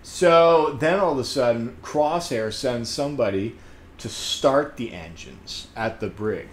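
Excitable man rambling through a review. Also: mid-range voice, measured pace, reverberant, a little hiss or hum. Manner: rambling, excitable, laughs often, many fillers. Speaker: comedian reviewing a TV episode. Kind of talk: casual spoken review.

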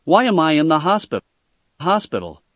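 A man's voice: a little high, sing-song, moderate pace, fairly bright tone, no room sound. A man voicing a cold, aloof teenage boy ninja who speaks in curt, chilly lines.

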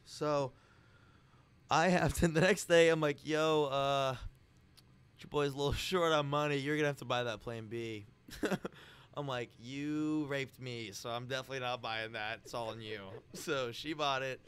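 A man's voice: mid-range voice, fairly even intonation, moderate pace, fairly bright tone, clean tone. A young man, a podcast guest, telling a crude story in casual chat and acting out the lines of the people in it.

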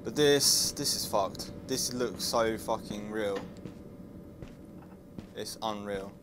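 A young man playing a horror game, muttering and swearing in panic and yelling when frightened. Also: lowish voice, takes it slowly, background noise. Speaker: gaming YouTuber.

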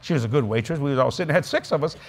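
A man preaching at a convention, telling folksy stories in an animated way with frequent laughs. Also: mid-range voice, racing. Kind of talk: storytelling sermon to a live audience. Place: convention stage.

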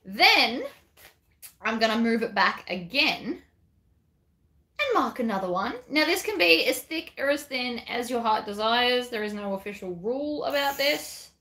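A woman's voice: fairly high pitch, expressive, measured pace, bright, forceful tone, reverberant. Chatty woman teaching a craft. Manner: chatty and self-deprecating, talking while working. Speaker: craft tutor. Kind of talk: casual craft tutorial.

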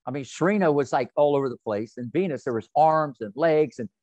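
A man in his sixties, a tennis coach, telling lively, colorful anecdotes in an interview. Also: a little high, a little fast, dry recording. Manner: animated, colorful anecdotes with slang. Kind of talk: interview storytelling. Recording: dull, dry audio.

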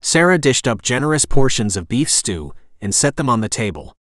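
A man reading a romantic suspense novel aloud as an audiobook narrator, in a steady, even storytelling manner. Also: mid-range voice, normal speed, no room sound, clean studio sound. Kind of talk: scripted narration.

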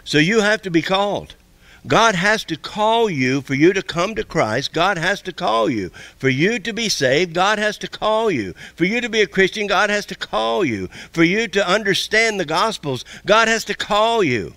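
Give me a male pastor with a bright, slightly high voice, preaching a folksy sermon. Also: very animated, no room sound. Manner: folksy, repetitive preaching with quick asides.

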